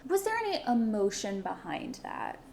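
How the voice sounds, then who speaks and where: A woman's voice: medium pitch, huge pitch swings, normal speed, gravelly, a little mellow, a little hiss or hum. A woman co-hosting a casual podcast, chatty and playful with lots of fillers. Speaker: podcast co-host. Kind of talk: casual chat.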